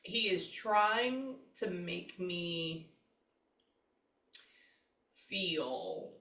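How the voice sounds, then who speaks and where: A woman working as a psychic medium, talking casually with clients and thinking aloud with frequent pauses and asides. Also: lowish voice, very animated, pushed and bright, recorded from a distance. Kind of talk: casual session talk. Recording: roomy, from off the mic.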